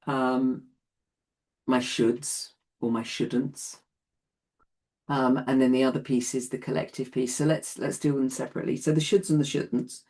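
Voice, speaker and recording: A woman's voice: low voice, a little mellow. A woman in her late sixties teaching an online class in a chatty way, often laughing between points. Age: 60s.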